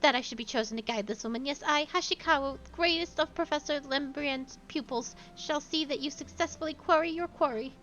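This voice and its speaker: A woman's voice: sits high, a little fast, hardly any pauses, fairly bright tone, highs cut off, slight background noise, voice pushed up. A woman reading a pompous male scholar. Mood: eager. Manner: grandiose, formal reading of game dialogue. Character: pompous young male scholar, self-important and wordy.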